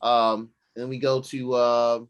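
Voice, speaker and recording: Podcast co-host, man, casual and excitable, acts out quotes. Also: mid-range voice, slow pace, smooth. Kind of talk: casual chat recapping a movie.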